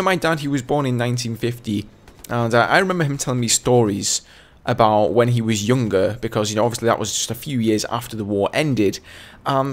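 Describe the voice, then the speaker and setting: A young man from England with an English accent, a gaming channel host telling a casual story in a chatty, rambling way. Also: medium pitch. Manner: chatty and rambling, full of "you know".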